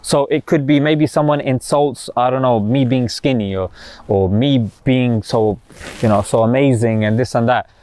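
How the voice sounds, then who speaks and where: A man's voice: medium pitch, normal speed, a little mellow, no room sound. A man hosting a motivational talk, telling stories with slang and rhetorical questions. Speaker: host.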